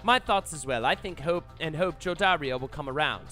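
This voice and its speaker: A man's voice: on the high side, moderate pace, pushed and bright, soft background music. A man voicing an earnest young male leader in a game read-along.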